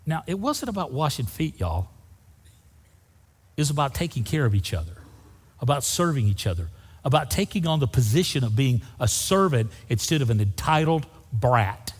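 A pastor with a drawl preaches to his congregation in a folksy, storytelling way. His voice swoops up and down with a slightly husky grain. The sound carries a long reverb from a big church hall. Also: medium pitch, big pitch swings, moderate pace. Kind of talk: sermon. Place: church sanctuary.

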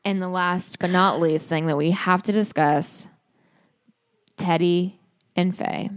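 A woman's voice: lowish voice, steady tone, takes it slowly, dry recording, studio quality. A young woman co-hosting a podcast, chatting casually and acting out quotes, saying "like" a lot. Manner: chatty, heavy use of "like", acts out quotes. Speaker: podcast co-host. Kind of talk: casual chat recapping a reality show. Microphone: podcast mic.

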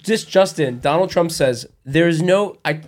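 A man's voice: fairly high pitch, moderate pace. A man co-hosting a podcast, eagerly egging on his guest in casual chat. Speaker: podcast co-host.

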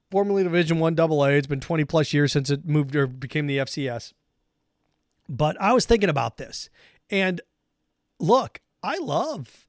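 A man with a high, bright voice hosts a sports talk monologue in a sarcastic, mocking tone. The sound is dry and close to the mic, with no room around it. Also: dry recording. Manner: sarcastic, mocking, animated rants.

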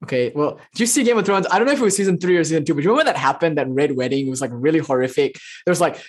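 A spiritual teacher giving an informal lecture with chanting, talking in an animated, flippant, joking way and swearing casually. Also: medium pitch, very fast. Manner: animated and expressive.

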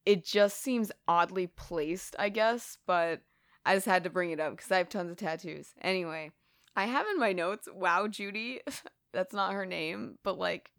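Woman co-host, smooth voice, dry close sound, lively, laughs a lot while recapping a film. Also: on the low side, measured pace, no room sound. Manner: animated, laughs often, swears casually. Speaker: podcast co-host. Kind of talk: casual film recap chat.

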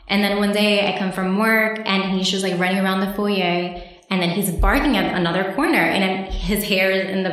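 A woman's voice: medium pitch, fairly bright tone. Chatty New woman in echoey room. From New York City. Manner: chatty, heavy use of "like". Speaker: podcast guest. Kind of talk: casual storytelling.

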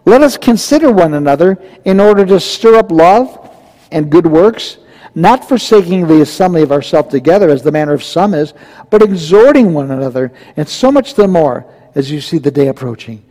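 A man preaches a sermon with a fairly high, mellow voice, speaking emphatically and throwing rhetorical questions at his congregation. His voice rings with the long reverb of a large church hall. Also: animated, normal speed. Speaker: pastor. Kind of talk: verse-by-verse sermon.

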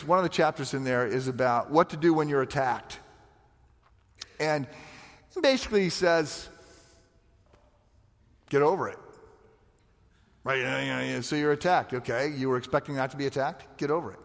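A man preaching a sermon in a conversational, animated way, often repeating words as he starts a thought. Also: medium pitch, moderate pace, long reverb tail. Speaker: pastor.

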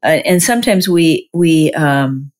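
Low-voiced woman musing in casual talk. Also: lively intonation, a little slow, a little mellow. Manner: rambling, many restarts and "you know". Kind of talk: casual reflective conversation.

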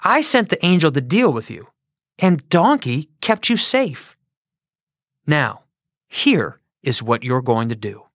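Woman voicing God, stern and commanding, low grave voice, slow, storybook. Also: big pitch swings, no echo, studio quality, full character voice.

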